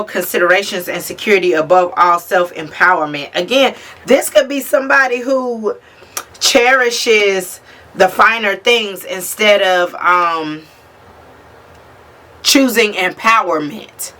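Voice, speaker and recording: This tarot reader talks to camera in a casual spiritual reading, blunt and swearing freely. Her voice is medium in pitch and sharp in tone, and she keeps a measured pace.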